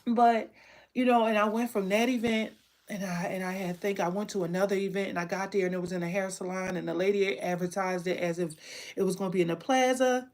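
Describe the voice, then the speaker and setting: A woman's voice: mid-range voice, fairly even intonation, brisk, a little mellow. Woman, small-business owner, emotional candid storytelling, mid-range voice. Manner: emotional, candid, repeats herself. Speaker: candle maker and online teacher. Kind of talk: personal storytelling to camera.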